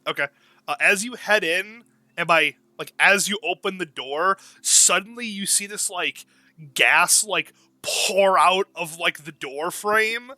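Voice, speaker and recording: A man's voice: high-pitched, takes it slowly, sharp tone, dry recording. A young man running a tabletop game as game master, rambling and often searching for words.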